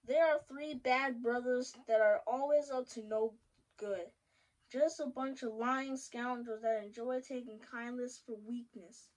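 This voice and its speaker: A woman's voice: a little high, fairly even intonation, measured pace, lightly acted, poor audio. A woman voicing a kind, motherly female butterfly in a children's storybook, soothing and affectionate. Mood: emphatic. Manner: warm, soothing, calls people child and sweetheart.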